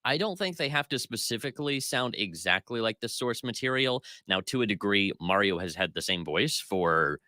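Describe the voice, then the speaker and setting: A man co-hosts a casual pop culture podcast, critiquing at length in an opinionated way and leaning heavily on fillers. His very low voice still cuts through with a bright, forceful edge, and his intonation is lively at a moderate pace with few pauses. The sound is dry and close, with no room sound.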